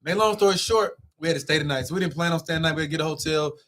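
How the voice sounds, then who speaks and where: A young man telling a road story in casual, animated talk, swearing as he goes. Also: a little high. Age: young adult. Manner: animated, swearing, quick rambling with loud swings. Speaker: guest.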